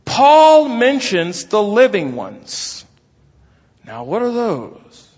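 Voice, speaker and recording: A man's voice: sits high, wildly swooping pitch, very slow, a little mellow, breathy edge. A man preaching an expository sermon, emphatic and exclaiming as he explains a text. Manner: emphatic, exclaims and stretches words. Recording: lo-fi with long hall reverb.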